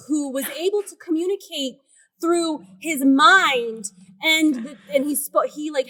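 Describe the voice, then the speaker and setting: A woman's voice: high-pitched, sharp tone. A woman on a comedy podcast panel, telling a made-up story hesitantly with many ums. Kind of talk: casual podcast chat.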